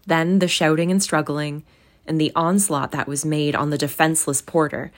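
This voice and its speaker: A woman with a notably low voice reads a classic novel aloud. Her delivery is measured and expressive, and she closes with casual, friendly chat to her listeners. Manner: measured, expressive reading, casual warm sign-off. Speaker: audiobook reader.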